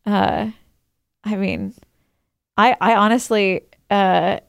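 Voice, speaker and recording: A woman co-hosting a podcast in casual chat, chatty and quick to laugh. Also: medium pitch, creaky, clean tone, no room sound, clean studio sound. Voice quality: laughs often, animated and chatty. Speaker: podcast co-host.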